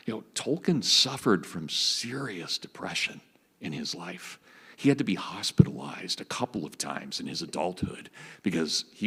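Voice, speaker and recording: Man in his fifties, very low husky voice, eager storytelling lecturer, reverberant auditorium. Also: fairly bright tone. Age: 50s. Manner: enthusiastic storyteller. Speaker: guest lecturer. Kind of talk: public lecture with anecdotes.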